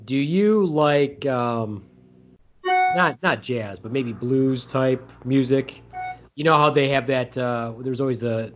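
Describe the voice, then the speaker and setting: A man's voice: mid-range voice, slow pace, soft background music. A man co-hosting a casual podcast chat, talking in a joking, rambling way with many fillers. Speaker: podcast co-host. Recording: dull lo-fi sound.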